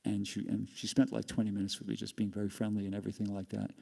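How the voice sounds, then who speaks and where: A man's voice: on the low side, completely flat delivery, fast talker, gravelly, mellow. An older man giving a class, telling a rambling personal story with laughs along the way. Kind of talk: storytelling talk. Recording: long hall reverb.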